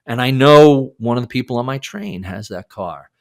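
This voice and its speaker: A man in his sixties, a podcast guest, telling a story in a casual interview, animated and casually profane. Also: mid-range voice, normal speed, vocal fry. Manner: animated, acts out quoted lines, swears casually.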